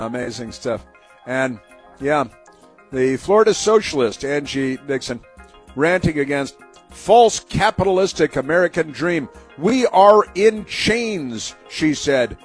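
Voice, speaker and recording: A man hosting a radio talk show, delivering a sarcastic, rambling opinion monologue with many fillers. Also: medium pitch.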